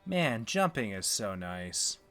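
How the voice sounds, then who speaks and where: A man's voice: fairly low pitch, sing-song, slow, fairly bright tone, faint music behind. A man streaming a game for the first time, thinking aloud in a casual, unsure way as he works through menus. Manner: thinking aloud, unsure, mumbling menu names. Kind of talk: casual gameplay chat.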